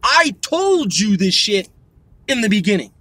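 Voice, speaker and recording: High bright-voiced man ranting. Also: big pitch swings, a little slow, husky, no room sound. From United States. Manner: profane, heated, repetitive. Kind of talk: ranting monologue.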